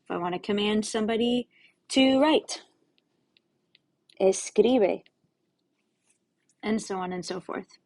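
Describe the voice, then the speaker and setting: A woman's voice: mid-range voice, fairly even intonation, fast, hardly any pauses, a little mellow. A woman Spanish teacher giving a recorded lesson, explaining step by step to her students in a patient, casual way with friendly asides.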